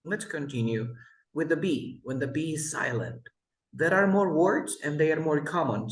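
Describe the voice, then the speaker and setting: A man's voice: on the high side, moderate pace. A man tutoring English one-on-one over a video call, patiently repeating words for his student. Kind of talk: online one-on-one English lesson. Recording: roomy echo.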